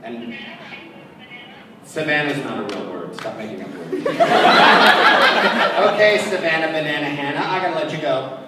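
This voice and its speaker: A man's voice: a little slow, long pauses, loud music behind the voice. A man who is a voice actor, telling jokey stories on a convention panel and acting out the voices in them. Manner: animated, jokey, acts out quotes with big pitch jumps and laughs. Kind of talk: lively convention panel storytelling. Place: large convention hall. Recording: far-off echoey hall recording with noise.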